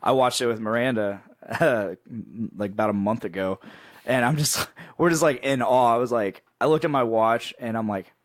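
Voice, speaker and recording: Male podcast host, middle pitch, rambling casual chat, dry close sound. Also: moderate pace, no room sound. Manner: rambling, laughing, many restarts.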